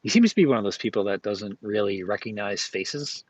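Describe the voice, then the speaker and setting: A man's voice: fairly low pitch, expressive, fairly quick, slightly rough, no echo, poor audio. A man streaming from his flea market stall, chatting casually in a rambling way, with many fillers and self-corrections. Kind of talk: casual live-stream chat.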